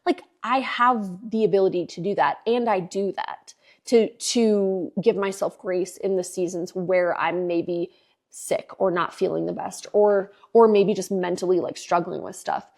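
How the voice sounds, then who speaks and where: A woman in her forties, a podcast host telling a personal story in casual chat, animated and candid with lots of fillers. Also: mid-range voice, unhurried, gravelly. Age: 40s.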